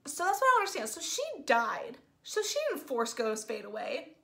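A woman giving a casual spoiler movie review, gushing and excitable, with "like" in nearly every sentence. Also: fairly high pitch, moderate pace, vocal fry. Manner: gushing, excitable, says "like" constantly.

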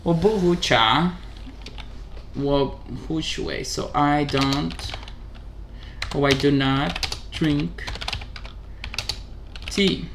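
A man hosting a casual vlog, talking haltingly in English, correcting himself and chuckling as he practices a new language. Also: a little high, fairly bright tone, slight background noise. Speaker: channel host.

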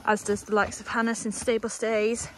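A woman's voice: a little high, flat delivery, normal speed, slight background noise. A young woman, casually chatting as she gives a walking tour of a horse yard. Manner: chatty, rambling, coos at the animals. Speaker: stable staff member giving a tour.

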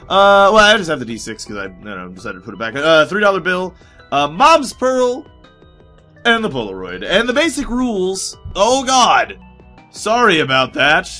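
A chatty man narrates his game in a bright, forceful voice that swings widely in pitch. His throat sounds sore and strained, and he rambles and swears as he plays. Faint music runs underneath. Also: normal speed. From United States. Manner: rambling, excitable, swears often. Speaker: gaming commentator. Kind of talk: casual let's play commentary.

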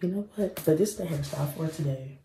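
Young woman vlogger, low voice, rambling casual chat into a handheld phone, noticeable background noise. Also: fast talker. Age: 20s. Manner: chatty, rambling, uses dialect slang. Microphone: phone camera held close.

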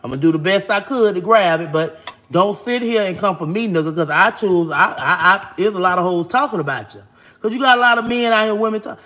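A woman talking straight to her viewers in a casual vlog, blunt and brash, with profanity thrown in constantly. Her delivery is animated and expressive. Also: fairly low pitch, fast. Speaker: vlogger. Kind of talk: casual monologue to camera.

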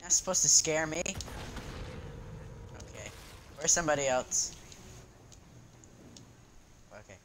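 A gaming channel host giving live gameplay commentary, excitable and chatty with viewers, yelping and shouting when something happens in the match. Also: medium pitch, slow pace, pauses often, noisy background. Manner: excitable, yelps and shouts at game moments; chatty, talks to viewers between rounds.

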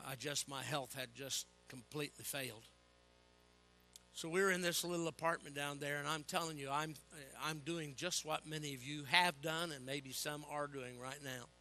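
An older man preaching a sermon, telling animated personal stories with humor and calling for "Amen?" from the congregation. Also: on the high side.

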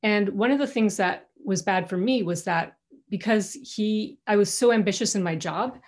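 A middle-aged guest speaker gives a personal, candid talk to alumni from her home, speaking at normal speed in a mid-range voice. She keeps it conversational and often restarts her sentences.

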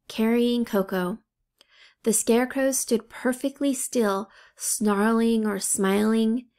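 A woman narrating an audiobook reads a children's novel at a steady, unhurried pace, giving the characters' lines light, modest voicing. Her voice is medium-pitched with vocal fry, suited to storybook narration.

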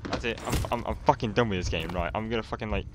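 A young man commenting on his gameplay, swearing often and complaining loudly when he loses. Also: lowish voice, quick pace, background noise. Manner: swears a lot, exasperated outbursts. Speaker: gaming channel host.

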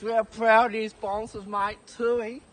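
A crude, rambling bogan, played by a man, giving a mock cricket pitch report, slang and swearing in every breath. His voice sits unusually high for a man. It is recorded outdoors on the ground with clear background noise. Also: little pitch movement, slow pace, low-quality recording. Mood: boastful. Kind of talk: comedic mock sports report.

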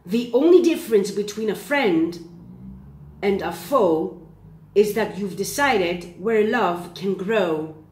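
Slow, excitable woman tarot reader. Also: mid-range voice, roomy sound, a little hiss or hum. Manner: excitable, repeats "okay?" often. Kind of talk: casual tarot reading to camera.

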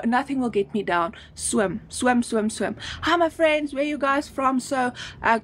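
Emphatic South African woman, higher voice. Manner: emphatic, repeats words over and over. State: slightly out of breath. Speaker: online business promoter. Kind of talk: live-streamed sales pitch.

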